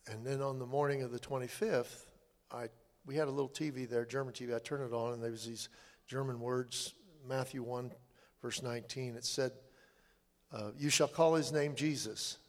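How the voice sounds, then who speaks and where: An older man telling his personal testimony in a halting, earnest way, with many restarts. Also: mid-range voice, fairly even intonation. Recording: long hall reverb.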